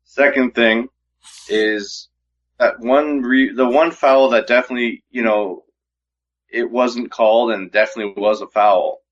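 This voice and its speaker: A man's voice: medium pitch, fairly even intonation, unhurried. Male podcast co-host, dull lo-fi sound. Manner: conversational, asks questions. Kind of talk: casual MMA talk. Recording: dull lo-fi mic.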